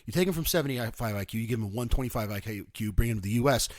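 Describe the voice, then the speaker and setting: A man in his thirties hosting a podcast, ranting sarcastically in a casual monologue and swinging from low mutters to shouting, on a close studio mic. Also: expressive, very fast, few pauses, dry recording. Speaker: podcast host.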